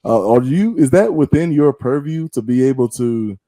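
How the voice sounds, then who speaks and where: A man's voice: medium pitch, expressive, normal speed, mellow, no echo. A man hosting an interview, playful and teasing as he asks questions. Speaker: podcast host.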